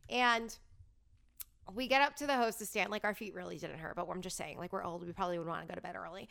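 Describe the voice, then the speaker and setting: A woman's voice: on the high side, steady tone, brisk, vocal fry, bright, forceful tone, clear, resonant tone. A woman in her thirties telling a story in a casual, chatty way, gushing and peppering her talk with "like". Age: 30s. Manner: bubbly, gushing, lots of "like".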